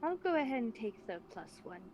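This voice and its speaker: A woman's voice: on the high side, sing-song, a little fast, highs cut off, noisy background. A woman playing a tabletop game, speaking for her character in an easygoing, polite way. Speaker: player.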